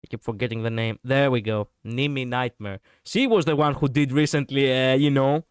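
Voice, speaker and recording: A man's voice: mid-range voice, normal speed, few pauses, clean tone, no room sound, clean studio sound. A man chatting casually on a livestream as a VTuber, rambling and laughing often while he responds to viewers. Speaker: VTuber streamer.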